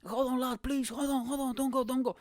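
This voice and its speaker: A man voicing a tall young Liverpool lad in a tracksuit who yells and swears with a Scouse accent. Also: extremely high pitch, steady tone, a little fast, no room sound, clean studio sound, pitched above the performer's own voice. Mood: pleading. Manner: yelling, pleading, swearing.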